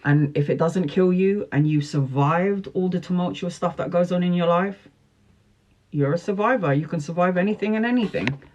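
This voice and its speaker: A woman's voice: fairly low pitch, moderate pace, darkish tone, highs cut off, a little hiss or hum. A woman in her forties, a tarot reader, talking live to viewers and answering their questions in an earnest, emphatic, motivational way, repeating slogans.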